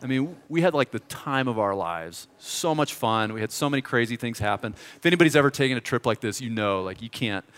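Lively American pastor in a reverberant hall. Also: male voice, mid-range voice, a little fast, few pauses, clear, resonant tone. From United States. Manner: animated, joking, conversational. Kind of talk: sermon with storytelling.

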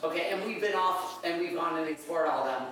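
A man's voice: a little high, fairly quick, a bit bright. A man chatting casually as a podcast co-host, his sentences trailing off and starting over. He sits a little away from the mic in a very echoey room. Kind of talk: casual chat. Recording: roomy echo, distant mic.

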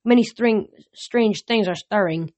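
A woman's voice: mid-range voice, a little slow, a little mellow, close to an everyday voice. A woman reading aloud, voicing a group of skittish sea horse creatures who plead deferentially with the hero. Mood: uneasy.

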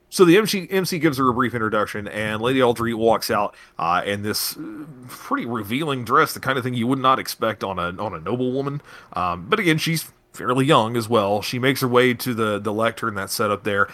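A man's voice: fairly low pitch, animated, a little fast, pushed and bright. A man narrating a tabletop game as game master, setting scenes in a loose, descriptive way.

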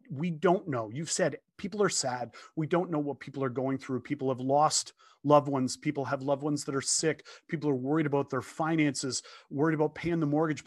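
Man, 50s, interview guest, earnest storyteller, animated, restarts often, fairly high pitch, dry close sound. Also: no room sound. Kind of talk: storytelling in casual conversation. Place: home office.

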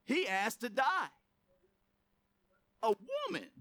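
A male pastor preaching a sermon, animated, with casual joking asides. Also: extremely high pitch, slow, dry recording.

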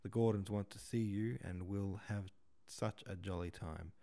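A man's voice: low voice, fairly even intonation, measured pace, creaky, mellow. A man reading the lines of a hurt, insistent young woman in a novel audiobook. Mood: pleading. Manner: pleading, then flaring up.

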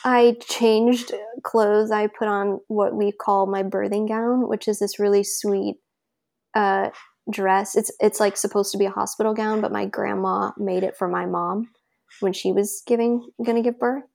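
A woman's voice: medium pitch, little pitch movement, unhurried, gravelly, darkish tone. A woman as an interview guest, telling a personal story in a chatty, loose way with many filler words. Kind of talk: casual conversational storytelling.

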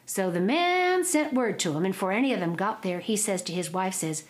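A woman, telling an old folk tale in a drawling, expressive oral style. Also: mid-range voice, moderate pace. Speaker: storyteller.

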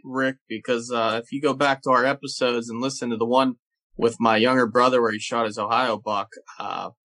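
A man's voice: medium pitch, steady tone, a little fast, a bit bright. A man hosting a podcast, chatting casually and chuckling between thoughts. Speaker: podcast host. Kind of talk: casual chat.

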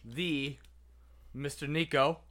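Guy kicking off a podcast with his friends, bright tone, dry teasing jokes. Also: fairly high pitch, steady tone, slow pace. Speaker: podcast host. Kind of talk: casual banter among friends.

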